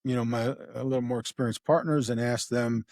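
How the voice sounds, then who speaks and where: A middle-aged man talks through an old case in a loose, rambling way, full of fillers. He slips into the voices of the people he quotes. His voice sits at an ordinary pitch, and the sound is dry and close. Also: fairly even intonation, a little fast, darkish tone, no room sound. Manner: rambling, acts out quoted dialogue, many fillers. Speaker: retired homicide detective, guest. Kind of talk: casual true-crime storytelling.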